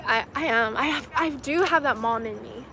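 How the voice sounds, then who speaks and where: A woman's voice: fairly high pitch, moderate pace, creaky, bright, forceful tone, slight background noise. A young woman from China hosting a casual livestream outdoors, chatting loosely with lots of "like" and "you know" and laughing often. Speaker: livestream host answering viewer comments. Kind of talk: casual chat.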